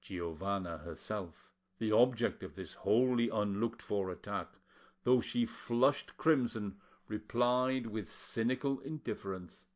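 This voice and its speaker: A man narrating an audiobook in a measured, even reading voice. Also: fairly low pitch. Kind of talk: scripted narration.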